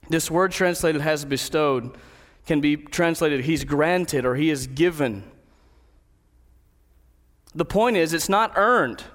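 A man preaching a sermon, telling a personal story and then slowing down to stress key words of a Bible verse. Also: on the high side, big-room sound. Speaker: pastor.

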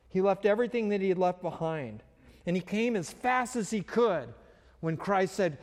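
A man's voice: sits high, animated, unhurried, long pauses, darkish tone. A man preaching a sermon as pastor, talking in a conversational way with frequent fillers and restarts. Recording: long reverb of a hall.

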